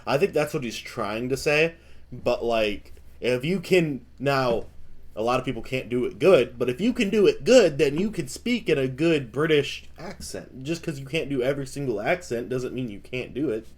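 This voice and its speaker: A man hosts a reaction video and chats loosely between clips. He speaks at a middling pitch and talks straight to his viewers. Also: expressive, normal speed. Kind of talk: casual reaction commentary.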